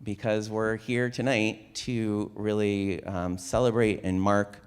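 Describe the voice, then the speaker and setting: A man's voice: lowish voice, flat delivery, takes it slowly, clean tone. A man retelling a story at a Shabbat service, in a casual conversational way. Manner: casual, with frequent "like" and restarts. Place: synagogue sanctuary.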